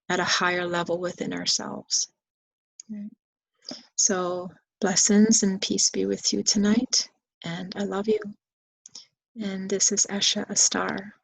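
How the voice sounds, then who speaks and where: A woman as a meditation teacher, giving a guided bedtime reflection in slow, soothing, repeated phrases. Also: mid-range voice, creaky, dry recording, low-quality recording.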